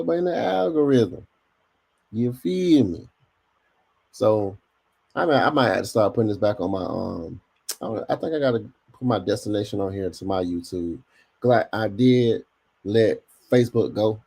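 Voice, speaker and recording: A husky, gravelly man with a voice on the low side speaks at a normal speed while hosting a casual podcast livestream. Animated and heavy on slang, he addresses his chat directly.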